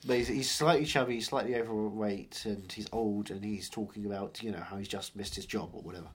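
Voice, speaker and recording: A man's voice: fairly low pitch, brisk, slightly rough. A man co-hosting a podcast, chatting about films in a dry, sarcastic, joking way. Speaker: podcast co-host. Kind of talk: casual film chat.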